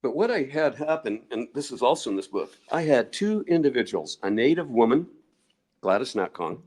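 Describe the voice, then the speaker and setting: A man's voice: medium pitch, very animated, moderate pace, darkish tone. An older man, a guest researcher, telling long digressive stories in a podcast interview and chuckling often.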